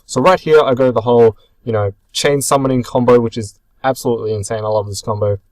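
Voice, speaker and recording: A young man casually narrating his own card game match, chatty and rambling, often pausing to correct himself. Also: medium pitch, fairly even intonation, dry recording, rough recording. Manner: chatty, rambling, self-correcting with many ums. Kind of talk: casual commentary over match footage.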